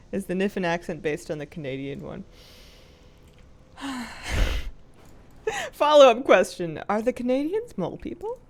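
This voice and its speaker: A woman's voice: medium pitch, sing-song, a little slow, pauses often. A woman streaming a game live, chatting casually with her viewers in a self-mocking, grumpy, joking way and laughing often. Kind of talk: casual live-stream chat while gaming.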